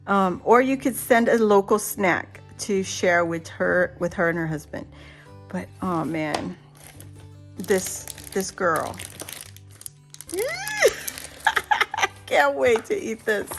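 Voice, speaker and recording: A middle-aged woman vlogger chatting casually and excitedly as she unboxes a birthday gift, gasping and laughing. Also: medium pitch. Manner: excited and giddy, many gasps and laughs. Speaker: crafting vlogger.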